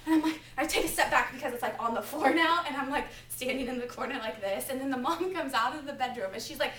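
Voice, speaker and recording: A woman in her twenties giving a topical sermon as a preaching student, telling personal stories in a chatty, animated way full of "like". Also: high-pitched, fast, slight background noise. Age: 20s. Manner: chatty, animated, filler-heavy with lots of "like". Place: classroom. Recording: echoey classroom, mic far off.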